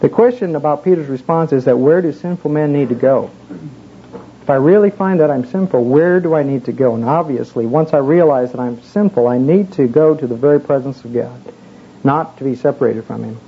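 A man's voice: medium pitch, a little fast, breathy edge. A man preaching a casual sermon, telling a personal story in a folksy, conversational way with many fillers. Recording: muffled with faint background hiss.

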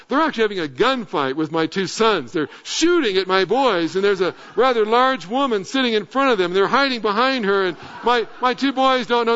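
A middle-aged male pastor telling a lively story in a sermon, then sinking into earnest, low, quiet appeals. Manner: animated anecdote, dropping to earnest low tones. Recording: dull lo-fi sound.

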